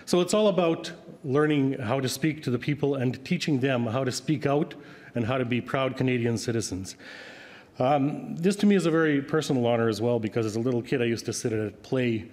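A man's voice: mid-range voice, fairly quick, darkish tone. Man, middle-aged, Ukrainian first language, earnest speech, some fillers, long hall reverb. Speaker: award recipient, radio broadcaster. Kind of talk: acceptance speech. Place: large banquet hall.

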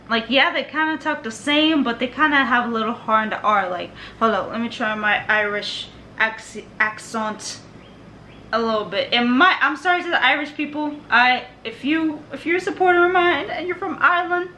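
Excitable American woman hosting a reaction vlog, talks straight to viewers, with a sharp, bright tone and faint noise behind her. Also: sits high, normal speed. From United States. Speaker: reaction video host. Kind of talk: casual reaction commentary.

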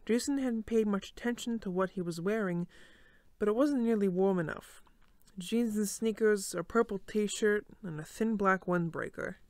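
A woman's voice: medium pitch, normal speed, darkish tone, no room sound, lightly acted. Woman voicing Sans, stumbling bedtime reader. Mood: calm. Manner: stumbling, frequent restarts and stutters. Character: laid-back male skeleton reading a bedtime story. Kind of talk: listener role-play bedtime reading.

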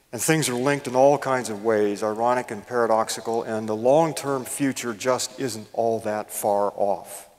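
Older man, guest lecturer, folksy and self-deprecating, lots of fillers, mid-pitched, long hall reverb. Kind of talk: public lecture with humor.

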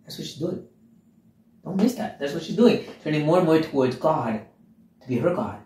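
Animated man teaching scripture, echoey room. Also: a little high, moderate pace. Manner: animated, emphatic, asks listeners rhetorical questions. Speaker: Bible teacher. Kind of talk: expository Bible teaching.

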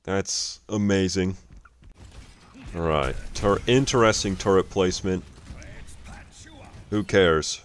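Low, slow-talking exasperated male gamer. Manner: exasperated, swearing, laughing often. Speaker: streamer commenting on gameplay. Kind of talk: casual gameplay commentary.

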